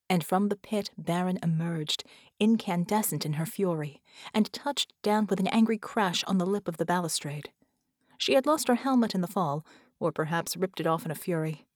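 A woman reading an audiobook in a measured, expressive narration. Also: fairly low pitch, no echo, studio quality. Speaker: audiobook reader. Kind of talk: scripted narration.

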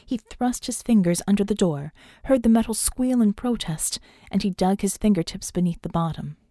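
A woman's voice: mid-range voice, moderate pace, dark tone, dry recording, clean studio sound. A woman narrating an audiobook in a tense, dramatic reading. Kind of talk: scripted narration.

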